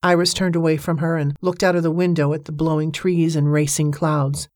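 A woman narrating an audiobook novel in a measured, even storytelling manner. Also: low voice, dry recording, studio quality. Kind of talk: scripted narration.

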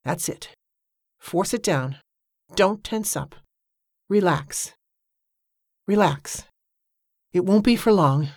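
A woman voicing a frightened young woman trapped in a barrel, talking herself down in a hushed, strained way. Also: lowish voice, expressive, slow, pauses often, husky, dry recording, clean studio sound, heavily acted. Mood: self-calming.

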